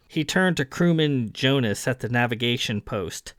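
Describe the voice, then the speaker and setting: A male audiobook narrator reads scripted narration from a science fiction book in a steady, measured voice. His voice is mid-range, and the clean studio recording has no echo.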